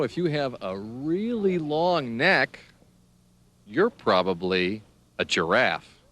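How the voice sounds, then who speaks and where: For young children, a man reads scripted narration slowly in a sing-song, encouraging way, spelling words out letter by letter. His voice sits on the low side and sounds a bit bright.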